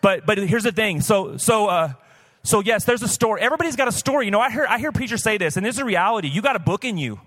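A man's voice: high-pitched, animated, quick pace, fairly bright tone. A man pastor preaching a sermon at a live church service, talking candidly and conversationally with casual asides. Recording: long church hall reverb.

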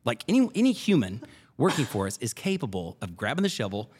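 Lively, fast-talking male podcast host. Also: medium pitch, breathy edge. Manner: animated, repeats phrases for emphasis. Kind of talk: casual podcast storytelling.

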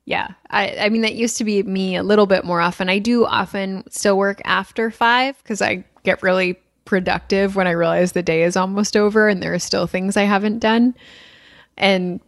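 A woman co-hosting a relationship podcast in casual chat, upbeat and practical as she gives clear advice. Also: mid-range voice, steady tone, moderate pace, no room sound, studio quality. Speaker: podcast co-host.

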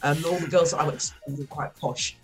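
A middle-aged woman from Wolverhampton with a mild West Midlands accent, chatting as a podcast guest, laughing often and filling pauses with ums. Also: low voice, steady tone, loud music behind the voice. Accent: mild West Midlands English. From Wolverhampton, England. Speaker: guest, former rapper. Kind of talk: podcast interview.

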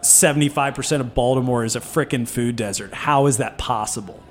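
A man co-founding a food nonprofit, talking in an animated, swearing, storytelling way in a casual podcast interview. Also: medium pitch, brisk, slight background noise.

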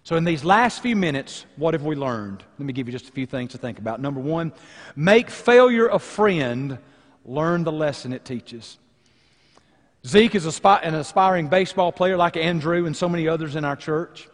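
Male pastor, high-pitched, dynamic pulpit delivery in a reverberant church hall. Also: animated, normal speed. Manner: dynamic preaching, swinging between loud emphasis and hushed lines. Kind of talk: sermon. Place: church sanctuary.

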